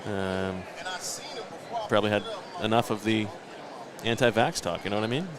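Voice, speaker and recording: A man's voice: on the low side, steady tone, normal speed, a crowd in the background, noisy background. A man in his late thirties hosting a podcast, telling long self-mocking stories in casual chat. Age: late 30s. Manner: rambling, self-mocking storyteller. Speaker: podcast host.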